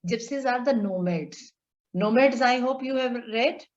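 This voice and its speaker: A middle-aged woman teaches a play to her students. She reads each line, then slowly and patiently puts it into simple words. The audio has the dull, lo-fi sound of an online class. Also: fairly high pitch. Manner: asks students questions. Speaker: English teacher.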